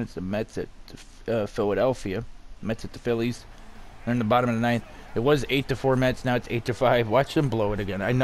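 A man's voice: on the low side, slight background noise. A young man giving live commentary on his own hockey video game, swearing and raging at his teammates. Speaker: gaming YouTuber.

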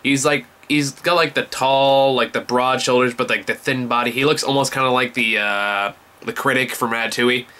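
A man's voice: mid-range voice, steady tone, moderate pace, sharp tone, smooth. A young man giving a casual vlog movie review, enthusiastic and rambling, swearing often.

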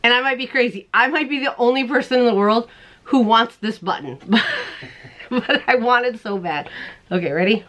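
A woman hosting a crochet show, chatting casually to the camera in a bubbly way, laughing often and putting on silly squeaky voices. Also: moderate pace, a bit bright, a little hiss or hum. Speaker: crochet podcast host.

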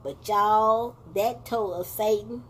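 Slow, animated woman vlogger chatting. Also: mid-range voice, slight background noise. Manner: animated storytelling, addresses viewers as y'all, laughing asides. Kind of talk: casual reaction chat.

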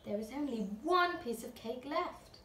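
A woman, a nursery teacher, reading a picture book aloud to young children with gentle, chatty asides. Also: high-pitched, animated, a little slow, a little hiss or hum. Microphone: camera at a distance. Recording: echoey room, filmed from a distance.

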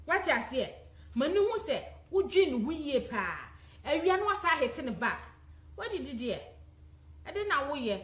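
A woman, chatting lively as a guest on a studio talk show. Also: high-pitched, a little fast, long pauses, reverberant. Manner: lively, chatty, mixing local language and English.

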